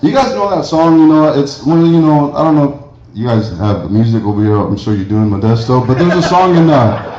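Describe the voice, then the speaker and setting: A middle-aged man from Mexico tells rambling stand-up stories, chuckling at his own punchlines. His voice sits at an ordinary middle pitch. It carries the echo of a big church hall through a slightly muffled, lo-fi recording. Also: very animated, a little fast, dark tone. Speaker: stand-up comedian. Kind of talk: stand-up comedy set. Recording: roomy, dull lo-fi hall recording.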